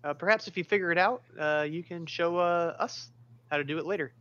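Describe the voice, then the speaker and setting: A man's voice: a little high, brisk, bright, forceful tone. A man playing a tabletop game, chatty and laughing often as he plays. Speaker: player. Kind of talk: casual tabletop role-play. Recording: dull lo-fi sound.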